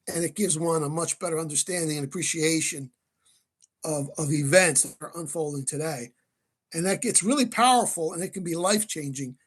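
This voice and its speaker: A man's voice: fairly high pitch, breathy edge. A man in his late fifties from New Jersey, a guest answering interview questions at length in an emphatic way, often repeating words as he restarts. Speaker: guest, researcher and author.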